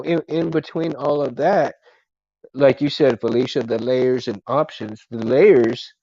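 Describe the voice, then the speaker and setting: A man's voice: mid-range voice, a little mellow, dry recording, lo-fi sound. A man hosting a casual live stream, talking to his chat in a rambling, friendly way and calling everyone dude and man.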